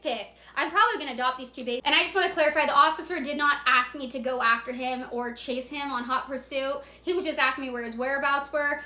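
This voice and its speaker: A young woman telling a dramatic story in a casual, excitable way, swearing freely and acting out the moments. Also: high voice, fast, few pauses. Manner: excitable, profane, dramatic retelling. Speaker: storyteller vlogger. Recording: echoey room.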